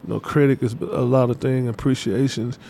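A man's voice: medium pitch, steady tone, a little fast, creaky, mellow, slight background noise. A man talking casually as an interview guest, in loose slang with lots of fillers and repeats. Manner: loose, repetitive street slang with many fillers. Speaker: interview guest, artist manager.

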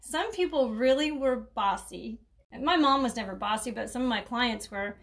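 Chatty, laughing woman podcaster, higher voice. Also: normal speed, creaky. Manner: chatty and rambling, laughs often, many restarts. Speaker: caregiving coach and podcast host. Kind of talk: casual solo podcast talk.

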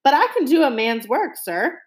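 A woman's voice: high voice, sing-song, moderate pace, pitched above the performer's own voice. A woman voicing a nervous but eager twelve-year-old boy who speaks earnestly.

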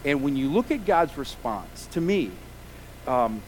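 A man's voice: mid-range voice, very animated, a little slow, a little hiss or hum, poor audio. A man preaching a sermon as pastor, emphatic and full of rhetorical questions.

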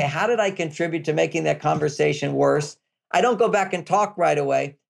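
Older man with a gravelly voice giving advice. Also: on the high side. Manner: explanatory, repetitive, emphatic. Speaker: relationship author, guest. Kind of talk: interview advice talk.

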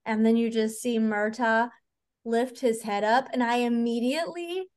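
Podcast co-host, woman, higher voice, gushing and profane. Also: normal speed. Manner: excitable, swears freely, acts out scenes. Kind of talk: casual chat.

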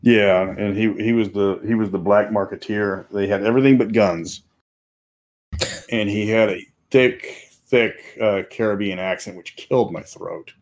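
Rambling low-voiced male game master. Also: steady tone, unhurried. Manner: rambling storyteller with restarts. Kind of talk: casual podcast chat.

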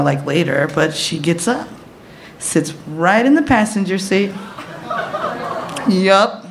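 A woman in her thirties telling a personal story, animated and profane, often laughing as she talks. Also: fairly low pitch, slight background noise.

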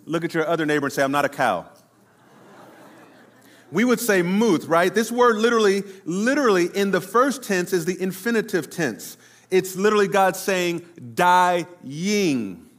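A middle-aged pastor preaching a sermon to his congregation, slowing down and drawing out words for emphasis. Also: sits high, a bit bright. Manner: preaching to a congregation, addressing the room directly; slows down and draws out words for emphasis.

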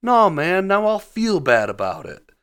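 A man voicing a reluctant male sorcerer who grudgingly gives in, in a raised, louder voice while retelling a film. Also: sits high, huge pitch swings, unhurried, smooth, pitched above the performer's own voice, heavily acted.

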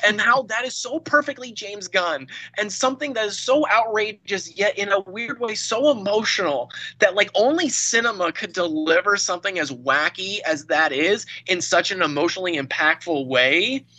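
Excitable, profane male podcaster, bright forceful voice. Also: high-pitched, rough recording. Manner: excitable, profane, rapid-fire storytelling. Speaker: podcast co-host. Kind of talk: casual movie review chat.

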